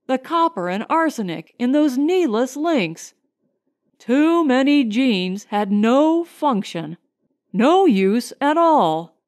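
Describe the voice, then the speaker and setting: A woman's voice: sits high, exaggerated voice. A woman narrator voicing a grim, tense male starship scientist in a clipped way.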